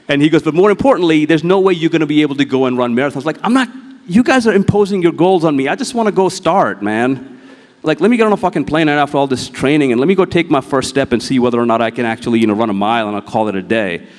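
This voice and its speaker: A man speaks from the stage of a large event hall as a motivational speaker. He tells his story with blunt swearing and acts out the dialogue himself, in a voice of ordinary pitch. The long hall reverb trails after his words. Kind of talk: live keynote talk with slides.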